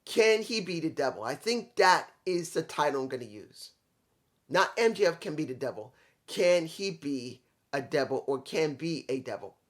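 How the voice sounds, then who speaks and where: A man's voice: on the high side, sing-song, normal speed. A man reviewing a wrestling show in a casual, rambling way, with some swearing and restarts.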